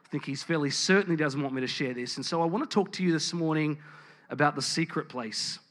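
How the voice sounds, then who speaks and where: Man, church sermon, candid storytelling, fillers and restarts, slightly high voice. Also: fast, a bit bright. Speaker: church preacher and teacher. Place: church building with congregation.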